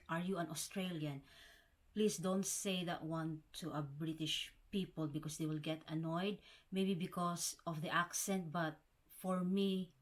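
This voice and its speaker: A woman from the Philippines chatting casually to camera as a vlogger, calling her viewers guys and often restarting words. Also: on the low side. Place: home in the Scottish Highlands.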